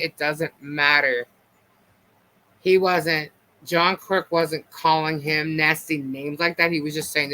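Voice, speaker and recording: A man's voice: fairly high pitch, pushed and bright, rough recording. Chatty man hosting a live stream. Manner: rambling, filler-heavy, chatty. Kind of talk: casual live chat commentary.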